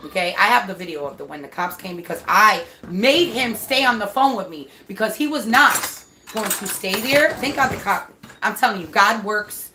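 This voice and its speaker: A woman casually telling a story about her son, animated and swearing freely as she acts out what people said. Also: medium pitch, normal speed. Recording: echoey room with faint noise.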